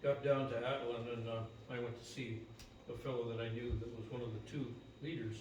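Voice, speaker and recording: An older man telling a personal story to a gathering, unhurried, with many pauses. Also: mid-range voice, fairly even intonation, darkish tone, slight background noise. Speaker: speaker at a memorial gathering. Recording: echoey hall, mic from far off.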